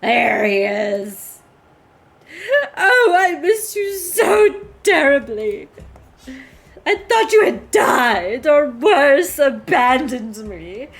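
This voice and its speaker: Weepy, theatrical young man in a game, voiced by a woman; high and wildly swooping. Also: very animated, takes it slowly, long pauses, fairly bright tone, breathy edge, soft background music, full character voice. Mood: tearful, melodramatic. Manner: theatrical, wailing, breathless outbursts. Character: overdramatic weepy young man, clingy friend. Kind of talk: reading game dialogue aloud.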